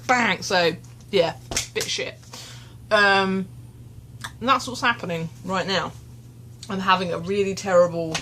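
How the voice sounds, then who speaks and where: In this candid confessional vlog shot on a phone camera, a young woman rambles and belittles herself, clearly tearful and shaken. Her voice is fairly low in pitch and a bit bright, with a little hiss or hum behind it.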